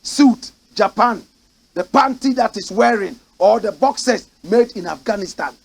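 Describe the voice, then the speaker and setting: A man with a Ghanaian English accent, a host delivering impassioned political commentary in a studio, swinging between shouting and low muttering. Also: animated, a little slow, vocal fry, poor audio. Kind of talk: impassioned talk-show commentary.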